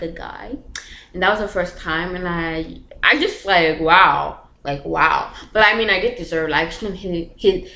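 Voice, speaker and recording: A woman's voice: fairly low pitch, normal speed, creaky, pushed and bright, a little hiss or hum. Chatty young woman in echoey room. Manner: chatty, filler-heavy, nervous laughs. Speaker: vlogger. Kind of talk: casual storytime.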